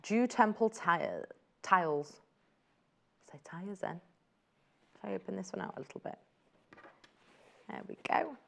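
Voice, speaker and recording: A woman's voice: medium pitch, lively intonation, measured pace, gravelly, long pauses, fairly bright tone. A woman presenting fabrics on a live shopping channel, chatty and gushing as she exclaims over each print. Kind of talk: live TV selling chat.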